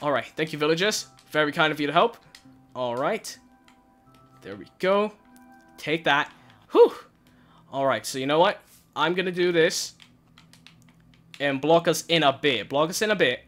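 A young man wearing a headset, giving nervous, excited gameplay commentary and crying out in panic as he plays. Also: on the high side, normal speed, long pauses, soft background music. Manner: nervous, shouts and cries out in panic. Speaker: gaming channel host. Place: hot room at home.

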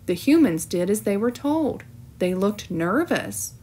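A woman teacher reading a storybook aloud with clear, expressive narration. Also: mid-range voice, measured pace.

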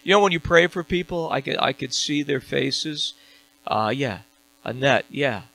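A man's voice: mid-range voice, lively intonation, unhurried, gravelly, a bit bright, low-quality recording. A man preaching a sermon as a pastor, building to emphatic peaks and throwing questions out to his congregation. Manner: preaching with rising, emphatic call-and-response questions. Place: church sanctuary.

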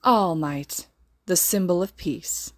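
A woman voicing a raspy young male villain with a childish, sinister manner in a podfic reading. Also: on the low side, slow. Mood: menacing.

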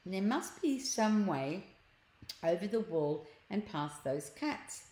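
A woman doing an eager young boy, a bit higher. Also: lively intonation, slow pace, darkish tone, echoey room. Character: eager young boy, brave and quick-thinking.

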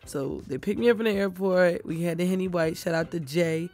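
Tired, gravelly-voiced woman vlogger. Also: fairly low pitch, a little fast, a little mellow, soft background music. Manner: chatty, addresses viewers directly. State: tired, late at night. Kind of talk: casual voiceover storytelling.

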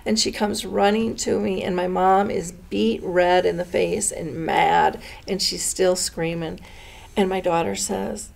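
Earnest storytelling woman, gravelly voice. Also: medium pitch, moderate pace, darkish tone. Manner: earnest, dramatic retelling with voiced quotes. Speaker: dementia educator and host. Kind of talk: conversational storytelling.

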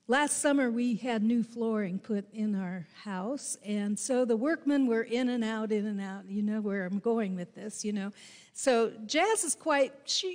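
A woman pastor delivers a sermon in a church sanctuary, her voice slightly higher than most. She speaks slowly and gently, with emphatic rises as she tells a story. A long reverb trails each phrase through the room.

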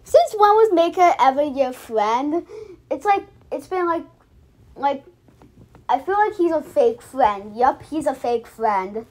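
A woman's voice: sits high, lively intonation, slow pace, a little mellow. A young woman giving casual, mocking commentary on a cartoon episode, often stopping and restarting. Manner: chatty, restarts a lot, mocking. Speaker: reaction video host.

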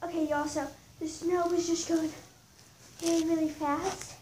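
High-voiced girl vlogging in the snow on her phone, slow and gushy, lots of noise around. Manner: excited, chatty, lots of "y'all" and "like". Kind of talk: casual outdoor vlog. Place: outdoors in falling snow. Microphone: handheld phone camera. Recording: noisy outdoor phone recording.

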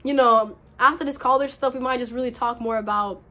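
A woman's voice: fairly high pitch, steady tone, brisk, pushed and bright. Slangy, earnest young woman vlogger. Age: early 20s. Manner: slangy, earnest, encouraging, repeats phrases. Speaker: vlogger giving college advice. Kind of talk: casual direct-to-camera chat.

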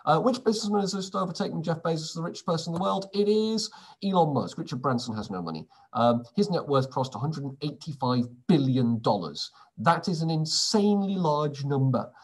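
Husky man with wry asides. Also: medium pitch. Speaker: quiz presenter. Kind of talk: casual quiz answer read-through.

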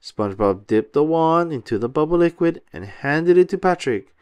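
A man narrating a children's picture book aloud in an expressive storytelling manner. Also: fairly high pitch, normal speed, clear, resonant tone, dry recording. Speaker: storybook reader.

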